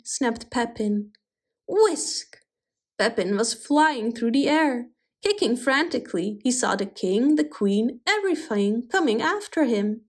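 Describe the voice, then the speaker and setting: A woman reading a fairy tale aloud in an expressive, animated way. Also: on the high side, slow. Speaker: storyteller. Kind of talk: storybook reading.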